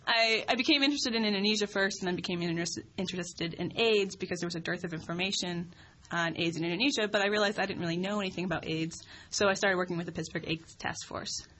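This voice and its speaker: A woman's voice: on the low side, sharp tone, low-quality recording. A young woman, an anthropologist guest on a talk show, chatting with dry wit. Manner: dry, quick-witted. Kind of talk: casual talk show chat.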